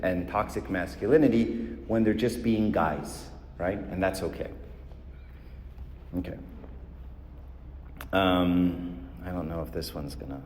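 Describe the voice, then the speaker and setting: A man's voice: lowish voice, darkish tone. A man teaching couples in a live talk, conversational and emphatic, often checking in with "right?". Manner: conversational, keeps asking "right?"; gets heated and emphatic. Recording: echoey hall with faint ambience.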